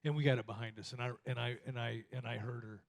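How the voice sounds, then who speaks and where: A man teaches about marriage from a church platform, his voice sitting at an everyday middle pitch. He tells stories in a folksy, self-deprecating way. He often trips over a word and restarts. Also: fairly even intonation, fast, vocal fry. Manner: storytelling, folksy, self-deprecating, stumbles and repeats words. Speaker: minister teaching with his wife.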